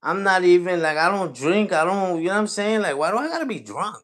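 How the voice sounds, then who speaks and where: A man in his forties hosts a livestream in a high, lively, slightly bright voice at a fairly quick pace. He speaks straight to his chat, casual and crude, wandering from point to point.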